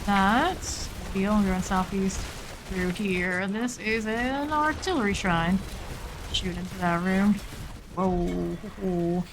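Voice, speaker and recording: A woman streamer giving steady, matter-of-fact running commentary while she plays a game live. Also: mid-range voice, takes it slowly, background noise.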